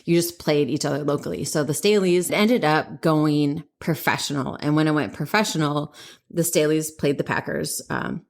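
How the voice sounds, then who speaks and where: A woman's voice: low voice, normal speed, creaky. A woman, co-hosting a podcast in casual chat. She rambles, corrects herself often and laughs as she talks. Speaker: podcast co-host.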